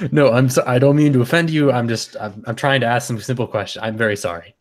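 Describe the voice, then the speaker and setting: Man player, mid pitch, polite and apologetic. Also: fairly quick. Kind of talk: casual tabletop play.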